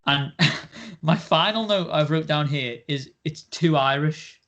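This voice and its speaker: Young man, podcast co-host, loose rambling delivery, slightly high voice. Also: slow, a bit bright, lo-fi sound. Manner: rambling, laughs often, many fillers. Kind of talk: casual chat.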